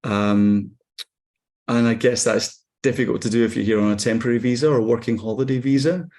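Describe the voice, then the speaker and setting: A Scottish actor in his forties, chatting in an interview in a relaxed, wry way with frequent ums and restarts. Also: mid-range voice, fairly quick. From Scotland. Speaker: actor guest. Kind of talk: casual interview chat.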